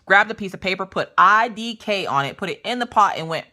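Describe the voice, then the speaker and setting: A craft channel host speaks briskly in a medium-pitched voice from her home craft room. Chatting casually, she tells family stories and animatedly acts out her relatives' voices.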